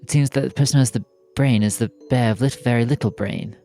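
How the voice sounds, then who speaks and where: A man playing his character in a casual tabletop role-playing game, playful and expressive. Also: medium pitch, fast, soft background music. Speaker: player.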